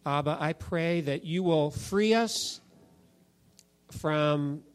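A pastor with a slightly high, clean-toned voice speaks extremely slowly as he preaches a sermon in a church sanctuary. He shares stories conversationally and gives voice to the people within them.

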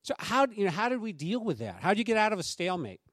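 A man's voice: sits high, quick pace, no echo. A middle-aged man preaching a sermon as pastor, conversational and anecdotal, speaking to the congregation and acting out quoted voices. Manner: acts out quoted voices in lively raised tones.

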